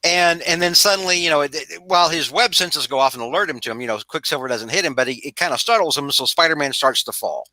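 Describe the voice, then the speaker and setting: A man's voice: fairly high pitch, quick pace, few pauses, pushed and bright, dry recording, low-quality recording. A man hosting a casual podcast chat, rambling with many restarts and laughing at his own jokes. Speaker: podcast host.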